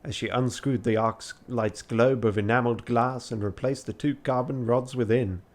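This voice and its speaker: A man's voice: mid-range voice, fairly even intonation, normal speed, a little mellow. A tired man reading a text adventure aloud late at night on a charity stream, with joking asides.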